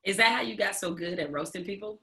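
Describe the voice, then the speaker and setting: Bright-voiced woman interview host. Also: medium pitch, fast.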